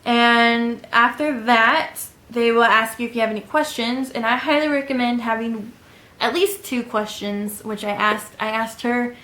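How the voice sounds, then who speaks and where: A woman's voice: on the high side, fairly even intonation, measured pace, bright, forceful tone. A woman in her twenties giving casual advice in a vlog, chatty and rambling with frequent ums. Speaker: vlogger. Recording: echoey room.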